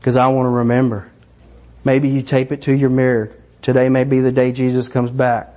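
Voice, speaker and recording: A middle-aged man preaching a sermon, animated and excited, acting out voices. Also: mid-range voice, moderate pace. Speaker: pastor.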